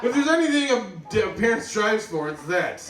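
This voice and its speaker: A man's voice: high voice, big pitch swings, moderate pace, distant mic, very noisy. Profane rambling stand-up comedian man. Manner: rambling, profane, self-mocking. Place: comedy club stage. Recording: roomy club sound from off-mic, loud crowd laughter. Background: audience laughing.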